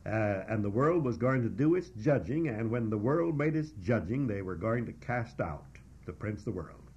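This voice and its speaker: A man preaching a verse-by-verse Bible exposition, teaching in a measured, emphatic way with frequent "uh" pauses. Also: fairly low pitch, animated, a little mellow, breathy edge. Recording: dull lo-fi recording.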